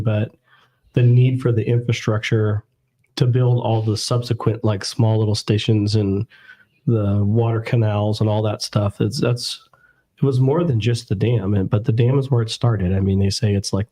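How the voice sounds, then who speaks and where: A man in a casual streamed chat with a low, mellow voice. He explains points in a measured, unhurried way. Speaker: podcast co-host.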